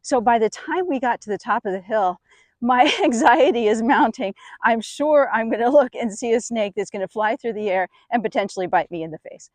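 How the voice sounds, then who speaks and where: A middle-aged woman telling a personal story in an animated, expressive way. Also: on the high side, brisk, no echo. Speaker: speaker. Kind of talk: storytelling talk.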